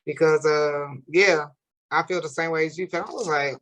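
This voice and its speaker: A woman's voice: low voice, moderate pace, a little hiss or hum. A woman in her forties, hosting an interview and talking frankly in a casual, candid way. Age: 40s. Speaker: interview host.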